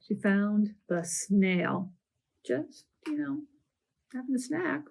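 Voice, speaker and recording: A woman librarian doing a storytime read-aloud for children, animated with gasps and playful asides. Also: fairly high pitch, drawn-out words, vocal fry, long pauses.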